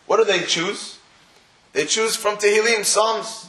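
A man's voice: sits high, measured pace, a bit bright, reverberant. A man giving a sermon in story form, acting out the voices he quotes and mixing in Hebrew and Yiddish terms. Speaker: religious speaker. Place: room in England.

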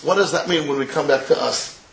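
A man's voice: fairly high pitch, a little fast, vocal fry, slight background noise, rough recording. A man giving a Talmudic lecture to a roomful of listeners, often chuckling and drawing out the phrases he quotes. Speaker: Torah teacher. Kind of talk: Talmudic lecture to a live audience. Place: room with listeners.

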